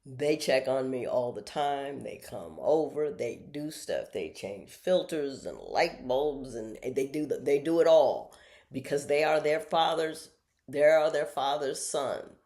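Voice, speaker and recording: A middle-aged woman hosting a casual storytelling monologue from home, animated and acting out other people's voices. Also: unhurried. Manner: animated, acts out others' voices with big jumps in pitch. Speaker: host.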